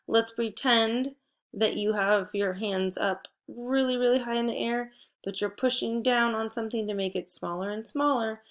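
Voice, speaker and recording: A woman teacher giving a spelling and phonics lesson to first graders, patient and encouraging, prompting with clear cues. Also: on the high side, fairly even intonation, moderate pace. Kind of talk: phonics lesson for young children.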